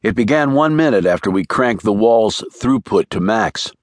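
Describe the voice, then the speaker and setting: A man's voice: on the low side, expressive, dry recording, studio quality, lightly acted. A man voicing a nervous, earnest young male analyst around thirty in an audiobook thriller. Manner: quick, earnest explaining. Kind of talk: audiobook character voice.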